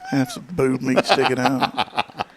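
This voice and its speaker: A man's voice: medium pitch, wildly swooping pitch, slow, a little hiss or hum. A man, a funeral home director guesting on a morning show, telling stories in an easygoing, wry way. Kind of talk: casual talk show chat.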